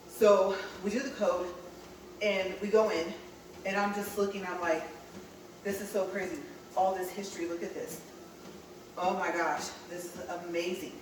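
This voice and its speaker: A woman's voice: on the low side, a little hiss or hum. A woman from California, chatting to viewers and laughing often as she tells a story while walking on a treadmill. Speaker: vlogger. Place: indoor room with a treadmill. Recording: echoey room, mic set far off.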